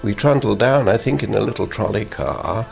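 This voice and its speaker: Older guy, gravelly low voice, rambly chuckly story over music in the back. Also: lively intonation, normal speed, a little mellow. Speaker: former island governor recalling a royal visit. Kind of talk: anecdotal interview recollection.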